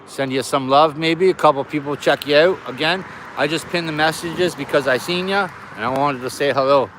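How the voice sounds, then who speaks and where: A man's voice: on the high side, moderate pace, background noise. A middle-aged man, chatting casually on a live stream outdoors near an air base and greeting his viewers by name.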